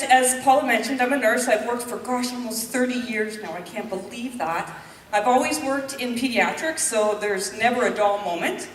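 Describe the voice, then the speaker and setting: A woman's voice: fairly high pitch, a little hiss or hum. A woman in her fifties from Canada, a nurse and mother, telling a candid personal story to an audience at a public presentation. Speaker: public speaker. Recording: echoey hall, mic from a distance.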